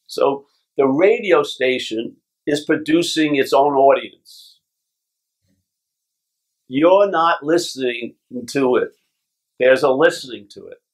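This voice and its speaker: A man gives a spiritual teacher's talk at a retreat. His delivery is casual and blunt, with the odd curse word and a habit of asking "yeah?" to keep the room with him. His voice sits at an ordinary middle pitch for a man. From Long Island, New York. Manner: casual and blunt, with swearing and frequent checks of "yeah?". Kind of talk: talk to a retreat group, reading passages aloud. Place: retreat gathering.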